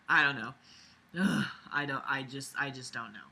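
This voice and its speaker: Reading a fan story aloud, a woman interrupts herself again and again to mock it with sarcastic, swear-heavy commentary, plainly exasperated. Her pitch is extremely low, with vocal fry and a sharp tone.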